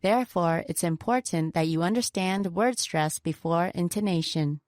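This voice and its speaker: A woman co-hosting a scripted pronunciation lesson. Her voice sits lower than most women's, and she explains each point clearly. The recording is dry and close. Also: normal speed, darkish tone, no room sound. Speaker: pronunciation teacher.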